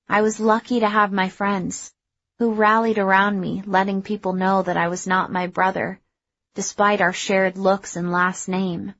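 A woman narrating a first-person story in a measured, even way. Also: mid-range voice, no echo, dull audio. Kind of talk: audiobook narration.

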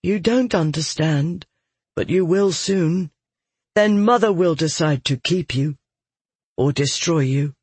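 A man's voice: a little high, slow pace, husky, dry recording. A man voicing a troubled young man who speaks in a subdued, almost timid way, in an audiobook. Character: troubled youth, timid and subdued, touched by madness. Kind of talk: audiobook narration.

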